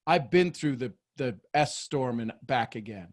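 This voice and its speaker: A man, hosting a group video call as a mentor, animated and goofy, often repeating words as he talks. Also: mid-range voice, a little slow.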